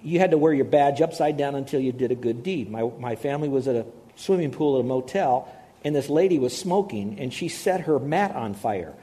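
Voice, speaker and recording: A man's voice: mid-range voice, a little fast. An older man preaching a sermon, telling personal stories and acting out the people in them. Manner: storytelling, animated with acted-out quotes. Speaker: pastor.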